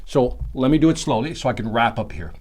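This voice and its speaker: A middle-aged man teaching a sales seminar, excitable and emphatic, speaking straight to his listeners. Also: mid-range voice, quick pace, breathy edge. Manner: animated, excitable, emphatic, talks to the listener directly. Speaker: sales trainer.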